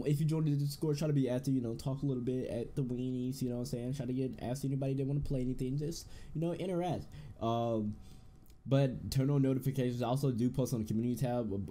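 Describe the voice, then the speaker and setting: A young man giving casual, excitable commentary over a horror game, with loud outbursts and a relaxed chat to his viewers. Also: medium pitch. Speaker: gaming YouTuber.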